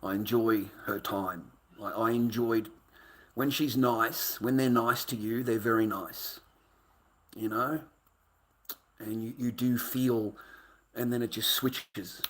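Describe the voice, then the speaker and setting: A middle-aged Australian man telling a rambling, profane story in casual talk, brash and quick to laugh. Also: mid-range voice, steady tone, a bit bright. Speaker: vlogger.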